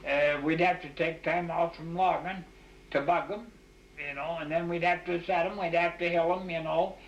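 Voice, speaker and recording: Older man, gravelly, folksy rambling interviewee; echoey, muffled old tape. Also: a little high, steady tone, moderate pace, slight background noise. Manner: folksy, full of restarts and "you know". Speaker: oral history interviewee. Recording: echoey, dull 1989 tape recording.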